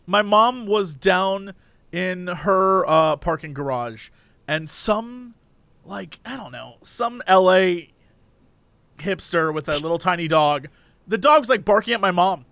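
A young man chatting casually on a podcast, with a high, bright voice. He tells stories with energy and keeps jumping into quick impressions of the people in them. The recording is close and dry. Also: vocal fry, no echo. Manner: animated storyteller who acts out quoted voices. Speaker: podcast co-host. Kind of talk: casual chat. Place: Los Angeles area.

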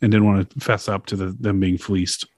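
A man's voice: low voice, little pitch movement, brisk, a little mellow, no echo, studio quality. A man hosting a podcast, explaining a topic in a loose, chatty way with laughs and swearing. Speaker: podcast host. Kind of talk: casual chat.

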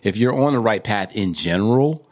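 A man's voice: on the low side, lively intonation, normal speed, a little mellow. A man co-hosting a podcast, talking casually and motivationally with jokes and bursts of animation. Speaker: podcast co-host.

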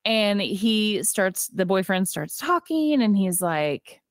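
A woman's voice: on the low side, moderate pace, hardly any pauses, no room sound, studio quality. A young adult woman co-hosting a casual movie podcast, chatty and retelling scenes with quoted lines. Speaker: podcast co-host. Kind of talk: casual movie recap chat.

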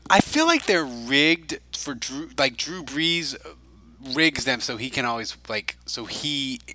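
A man's voice: mid-range voice, very animated, slow, bright, forceful tone, rough recording. A man hosting a podcast, chatting casually in a rambling way, full of fillers and restarts. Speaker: podcast host. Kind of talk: casual chat.

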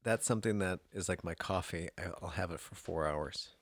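A man's voice: low-pitched, brisk, dry recording. A man co-hosting, making dry, teasing asides.

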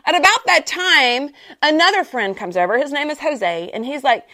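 Brief: woman, podcast host and personal trainer, bright and higher-pitched, laughing storyteller. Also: moderate pace. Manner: chatty and animated, laughs often, repeats phrases. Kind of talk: casual chat, storytelling.

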